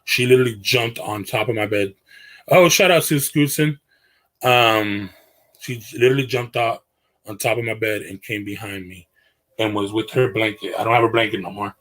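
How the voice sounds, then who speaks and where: A man's voice: on the low side, normal speed, a bit bright, poor audio. A man hosting a casual livestream from his bedroom, talking to viewers in slangy, earnest speech that often trails off and restarts. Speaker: livestream host.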